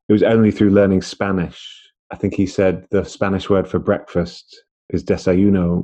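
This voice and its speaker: A male podcast host with a very low, mellow voice muses aloud, reflective and hesitant. The sound is a little dull and lo-fi. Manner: reflective, musing, with hesitant restarts. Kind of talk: podcast conversation.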